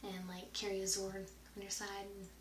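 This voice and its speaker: A woman's voice: mid-range voice, monotone, fairly quick, a little hiss or hum. A woman answering viewer questions in a casual, rambling vlog, sometimes dropping to a whisper. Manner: rambling, chatty, drifts into whispers at times. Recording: roomy echo.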